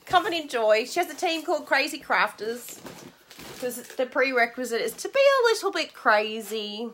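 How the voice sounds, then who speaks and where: An Australian woman with an Australian accent demonstrates stamping and crafts, chatting casually and bubbly to live-stream viewers and laughing often. Her voice is high with big pitch swings, at normal speed, and there's background noise.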